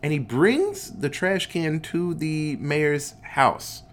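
A man's voice: a little high, sing-song, slow, a little hiss or hum. A man casually recapping a movie, laid-back and swearing a lot, acting out the characters' lines in goofy voices. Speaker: podcast host recapping a movie.

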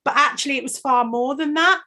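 A woman co-hosts a chat show, rambling and filling her talk with "you know" and "like." Her voice is a little high, and she gets emotional as she talks. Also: fairly quick, pushed and bright. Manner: emotional, chatty, rambling with many fillers. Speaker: podcast co-host. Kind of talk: casual chat.

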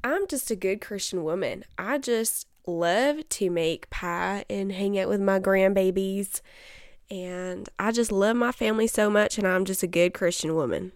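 A woman's voice: mid-range voice, unhurried, dry recording, clean studio sound, close to an everyday voice. A woman voicing a cheerful churchgoing grandmother from the Southern US, with a Southern accent and a sugary, homespun way of talking. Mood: sweetly wholesome.

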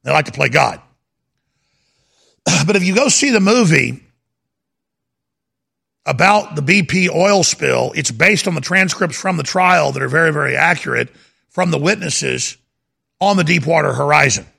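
A man's voice: on the high side, animated, moderate pace, gravelly, pauses often, bright, forceful tone, slightly rough. A man hosting a talk radio show, talking in an emphatic, rambling monologue that repeats itself. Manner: emphatic, repetitive, insistent.

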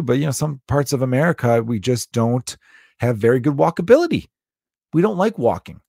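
A man's voice: medium pitch, animated, a little fast, gravelly, mellow, no echo, studio quality. A man in his thirties hosting a podcast, rambling and joking in a casual monologue, swearing freely. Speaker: podcast host.

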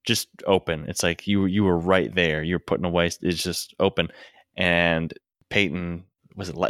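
Laughing low-voiced man telling home stories. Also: a bit bright, smooth, dry recording, studio quality. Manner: laughing, rambling storyteller. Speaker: co-host, parent. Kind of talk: casual chat on a livestream.

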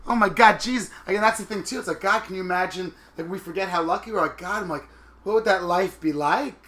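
A man in his thirties, co-hosting a casual podcast chat, telling stories in a flamboyant, animated way and acting out the people he quotes. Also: high voice, fast, roomy sound. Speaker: podcast co-host.

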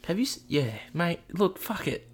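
A man's voice: on the high side, very animated, moderate pace, slightly rough. A man co-hosting a casual podcast chat, swearing freely and telling anecdotes with quoted voices. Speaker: podcast co-host.

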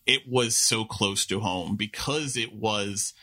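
Male podcast co-host, bright tone, loose rambling delivery full of asides. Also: fairly low pitch, takes it slowly. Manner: rambling, restarts and filler-heavy, animated asides. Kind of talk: casual chat.

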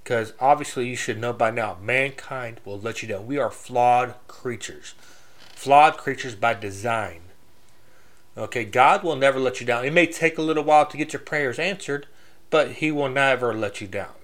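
A man's voice: medium pitch, moderate pace, a bit bright. A man giving a casual, blunt faith talk, preaching straight with many restarts and loose grammar. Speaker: Christian speaker.

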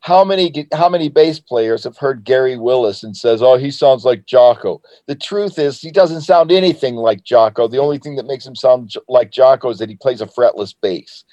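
A man's voice: medium pitch, normal speed, hardly any pauses, dark tone, no room sound. A man chatting casually about music, earnest in tone and eating while he talks. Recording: dry, slightly muffled audio.

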